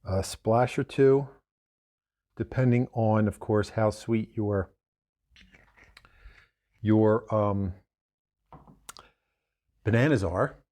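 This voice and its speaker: A man's voice: lowish voice, very slow, long pauses, warm tone. A man hosting a casual cocktail demonstration, talking in a chatty, digressive way and correcting himself as he goes. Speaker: bartender host.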